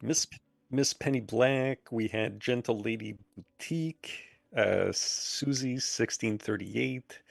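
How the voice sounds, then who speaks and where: A man co-hosting a live stream, breaking in to tell the host things in hesitant, halting remarks. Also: mid-range voice, gravelly, no room sound. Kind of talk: casual live-stream chat. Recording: dry close sound.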